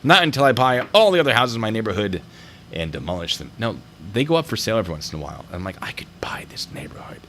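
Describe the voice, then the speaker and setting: A man's voice: fairly low pitch, very animated, rapid-fire, fairly bright tone, slight background noise. A man hosting a video review show, talking casually and wandering into jokey tangents. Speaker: host reviewing traffic stop videos.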